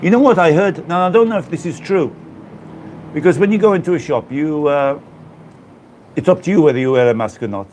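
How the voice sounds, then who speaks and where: Man, live-stream host from the Black Country, casual and rambling, voice on the higher side. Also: animated, brisk, pauses often, darkish tone, slight background noise. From Black Country, England. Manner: rambling, chatty, greets viewers by name.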